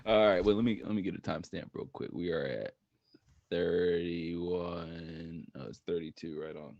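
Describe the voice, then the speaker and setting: Low-voiced guy on a sports podcast, dry dull mic, easygoing rambling. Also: lively intonation, fast talker, gravelly, no echo. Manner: loose, laid-back talk full of "like" and "right on". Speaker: podcast host. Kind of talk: casual sports podcast chat.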